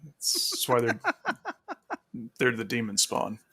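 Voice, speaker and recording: A man co-hosts a casual podcast and joins over a remote call. He talks slowly, with a dry and serious manner, and his voice sits at a middle pitch. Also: sharp tone, slightly rough. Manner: laid-back and dry, self-described serious. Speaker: podcast co-host. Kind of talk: casual chat.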